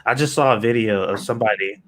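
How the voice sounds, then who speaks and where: A man co-hosting a casual podcast, chatting and telling a quick anecdote. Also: lowish voice. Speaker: podcast co-host. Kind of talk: casual chat.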